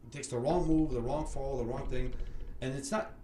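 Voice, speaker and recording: Animated man telling a story in a roomy room. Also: medium pitch, moderate pace. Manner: animated storyteller, swears freely, acts out quoted voices. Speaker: podcast host. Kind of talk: casual chat. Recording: roomy sound with faint background noise.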